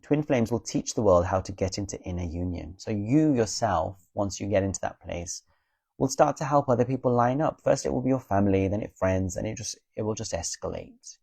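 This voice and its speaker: A man's voice: on the low side, lively intonation, a little fast, gravelly, a little mellow, husky, no room sound. A man speaking casually and earnestly to viewers about spiritual healing, reassuring them, checking in with "okay?" and swearing bluntly now and then. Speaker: spiritual advice creator.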